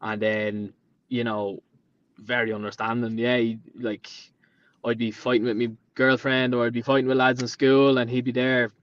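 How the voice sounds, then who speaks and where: A man's voice: medium pitch, little pitch movement, moderate pace, dry recording. A man in his late twenties with a Dublin Irish accent, a podcast guest telling rambling stories and acting out the things people said. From Ireland. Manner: rambling storyteller who acts out quoted dialogue. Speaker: podcast guest, painter and decorator. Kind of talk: casual chat. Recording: dull lo-fi sound.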